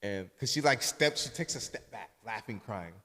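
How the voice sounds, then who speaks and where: A man hosting a podcast, telling stories in a loose, profane, casual way that often drops soft and low. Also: lively intonation, normal speed, long reverb tail. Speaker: podcast host.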